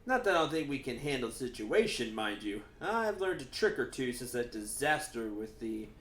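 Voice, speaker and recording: A man's voice: mid-range voice, very animated, normal speed, a bit bright, reverberant. A man reading a formal male military officer's lines aloud from a video game. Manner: reads game dialogue aloud, stiff and formal.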